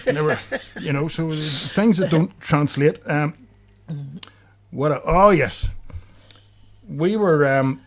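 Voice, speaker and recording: His voice runs on the high side and he speaks a little slowly. The Belfast-accented podcast co-host chats casually, telling meandering funny stories full of fillers and laughing at his own humor.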